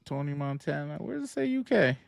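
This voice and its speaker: A man's voice: a little high, very animated, fairly quick, vocal fry, no echo. Laid-back man with a dry close sound. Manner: laid-back, laughs often, trails off quietly. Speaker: podcast co-host. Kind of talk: casual chat.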